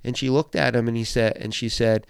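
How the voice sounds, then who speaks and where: A man's voice: mid-range voice, steady tone, a little fast, creaky, clear, resonant tone, no room sound, clean studio sound. A man preaching a sermon in an earnest, emphatic and encouraging way.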